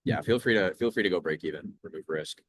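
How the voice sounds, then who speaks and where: A young man with a low, slightly bright voice hosts a trading livestream, talking fast in a laid-back, chatty style of casual commentary and reading viewer questions aloud. There's no room sound.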